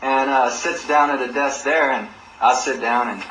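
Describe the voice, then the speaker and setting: Bright-voiced man telling a story in an echoey room. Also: medium pitch, moderate pace. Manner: animated, acts out other people's words in a raised voice. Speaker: channel host telling a personal story. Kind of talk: casual spoken storytelling. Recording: roomy echo with faint background noise.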